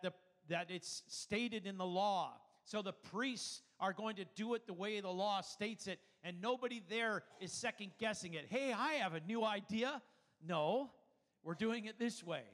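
High-voiced man preaching in a reverberant hall. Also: a bit bright. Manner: conversational teaching with frequent restarts. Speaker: pastor. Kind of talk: sermon.

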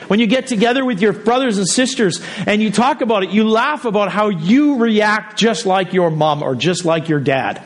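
A middle-aged man, the pastor, preaching a sermon in a relaxed, conversational way, often breaking off mid-sentence and dropping joking asides to the congregation. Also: high-pitched. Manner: conversational, self-interrupting, jokey asides.

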